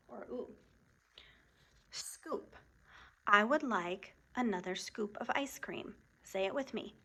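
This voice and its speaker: A woman teacher giving a phonics lesson to young students, speaking slowly and enunciating each word clearly while praising and prompting the class. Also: mid-range voice, fairly bright tone. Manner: slow, clearly enunciated, encouraging teacher talk.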